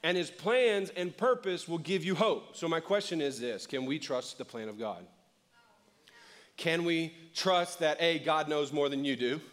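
A middle-aged man preaching with a slightly higher voice than most men. He keeps it conversational and joking, and slips into quick little voices to act out what people say. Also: a bit bright. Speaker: pastor. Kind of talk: sermon.

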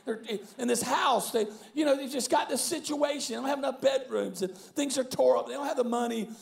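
A male pastor preaching a sermon, telling a story animatedly, with bursts of shouting and frequent restarts. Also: extremely high pitch, brisk, gravelly. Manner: many repeated words and restarts.

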